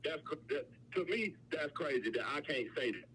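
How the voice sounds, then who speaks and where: A man's voice: on the high side, animated, moderate pace, crowd noise, poor audio. Defensive man in a podcast argument. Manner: defensive, repeating himself. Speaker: podcast co-host. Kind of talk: heated argument.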